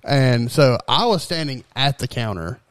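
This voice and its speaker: A man's voice: medium pitch, lively intonation, a little slow, a bit bright, clean tone, no echo. Young male co-host, profane, laughs through his own stories, dry close mic. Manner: profane, laughing storyteller who acts out voices. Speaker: podcast co-host. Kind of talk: casual chat.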